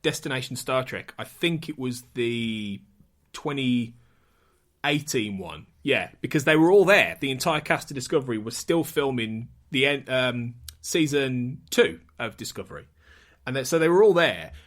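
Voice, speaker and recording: A man hosting a podcast, talking in a chatty, animated way with frequent restarts. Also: mid-range voice, moderate pace. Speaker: podcast host. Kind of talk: casual chat.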